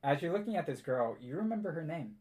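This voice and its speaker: A man running a tabletop game as game master, telling the story in a relaxed way and chuckling often. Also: fairly high pitch, quick pace.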